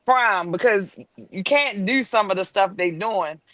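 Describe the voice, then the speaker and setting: A woman on a casual podcast chat, offering her opinions in a relaxed way. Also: mid-range voice, unhurried, dry recording.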